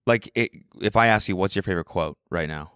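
A man's voice: low voice, quick pace, a bit bright, smooth, no echo, studio quality. A man co-hosting a casual podcast chat, joking, laughing and asking questions. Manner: chatty and laughing, asks questions and riffs. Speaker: podcast co-host.

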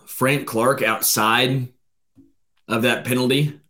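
A male co-host in a casual sports podcast who jokes easily and pushes back when he disagrees. His voice sits at an ordinary middle pitch for a man. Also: steady tone, slow, bright, forceful tone. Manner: laid-back, joking, pushes back.

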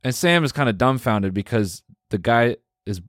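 A man's voice: mid-range voice, expressive, moderate pace, no echo, clean studio sound. A man co-hosting a casual podcast, laid-back and teasing, laughing as he tells a story. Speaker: podcast co-host. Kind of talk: casual chat.

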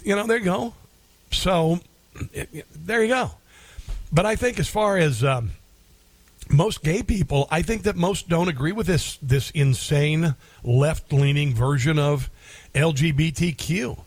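A man's voice: a little high, unhurried. A middle-aged man hosting a talk radio show, delivering an opinionated monologue in a combative, indignant tone and repeating phrases for emphasis.

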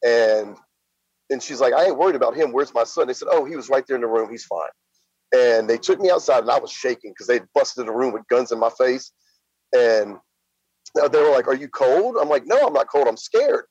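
A middle-aged man from Louisiana, a guest recounting events in a plain-spoken, halting way full of fillers. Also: mid-range voice, a little mellow, slightly rough, dry recording. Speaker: interview guest. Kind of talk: casual spoken storytelling. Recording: slightly dull lo-fi sound.

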